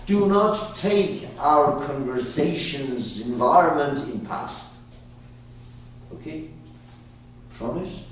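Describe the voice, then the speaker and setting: A man whose first language is Persian, teaching a class in an emphatic, animated way that swings from loud to hushed, recorded from a distance in an echoey room. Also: a little high, takes it slowly, pauses often. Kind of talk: lecturing a class.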